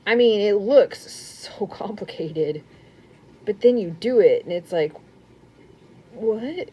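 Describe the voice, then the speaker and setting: A young woman chatting casually on a crochet live stream at home. She rambles, laughs often and sometimes drops to a soft murmur. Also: mid-range voice, expressive, a little slow, breathy edge.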